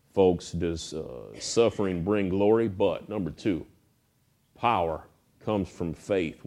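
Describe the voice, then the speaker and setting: A man preaching a sermon, telling stories in a folksy, animated way. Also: sits low. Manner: folksy, animated storytelling with acted quotes. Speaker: pastor.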